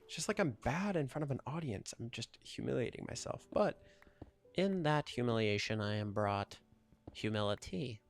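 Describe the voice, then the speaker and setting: A man's voice: mid-range voice, expressive, moderate pace, faint music behind. A young man chatting casually over his gameplay, rambling, joking and ranting about whatever comes up. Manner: rambling, jokey, ranting asides. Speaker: gaming YouTuber.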